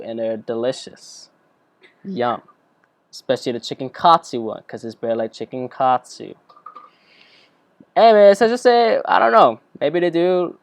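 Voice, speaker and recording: A young man giving a rambling, joking software tutorial as a student tutor, full of chatty asides. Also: medium pitch, clear, resonant tone, dry recording. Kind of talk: screen-recorded software tutorial.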